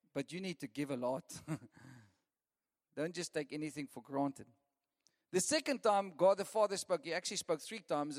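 Male pastor, high voice, lively sermon delivery with frequent laughs, recorded in a reverberant church hall. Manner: lively preaching, laughing often, repeating lists.

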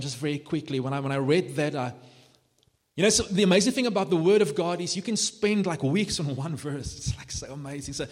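A man preaching a sermon with passionate, animated delivery and a slightly higher voice for a man. His words build to emphatic peaks and ring out with a long reverb through a church hall. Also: quick pace. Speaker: pastor.

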